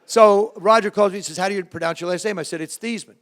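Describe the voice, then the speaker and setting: A man around seventy, from New Jersey, telling lively, self-mocking stories to a live audience as a former quarterback and guest speaker. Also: sits high, quick pace. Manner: lively anecdotes with self-mocking humor, frequent restarts. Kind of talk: storytelling talk to a live audience.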